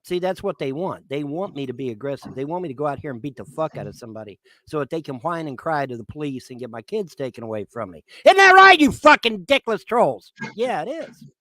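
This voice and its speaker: A man's voice: medium pitch, expressive, fast talker, hardly any pauses, dry recording. A man in his fifties on a livestream, swearing and making threats in a repetitive rant. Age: 50s.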